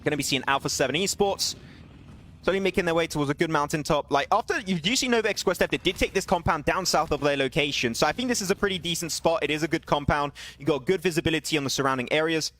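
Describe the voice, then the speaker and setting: A young man casting an online shooter match alone, excitable, his voice jumping up on big plays and laughing at himself between calls. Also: a little high, fast. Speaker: esports caster streaming solo. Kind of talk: live game commentary with chat asides.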